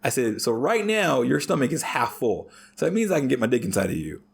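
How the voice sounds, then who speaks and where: A man chatting casually as a podcast guest, swearing heavily and telling crude stories in an animated way. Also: medium pitch, a little fast, creaky, husky. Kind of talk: casual chat.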